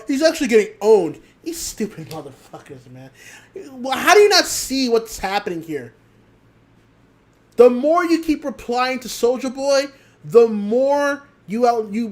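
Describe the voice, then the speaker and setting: A man hosting a live podcast, ranting bluntly and with plenty of swearing, then taking questions from the chat. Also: sits high. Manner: profane, heated ranting; blunt, emphatic declarations. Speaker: podcast host.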